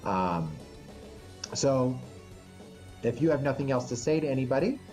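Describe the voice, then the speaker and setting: A man narrating a tabletop game as game master in a halting way, full of ums and restarts. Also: mid-range voice, expressive, a little mellow, faint music behind.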